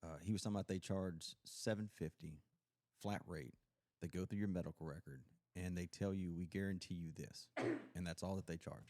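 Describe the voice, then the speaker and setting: A man with a drawl talks in a loose, rambling way, full of fillers and restarts as he tells his stories. His voice sits low and mellow, with a warm, dark tone. The recording is dry and close, with almost no room sound. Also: brisk, no room sound. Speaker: podcast host; Coast Guard veteran. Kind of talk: casual chat.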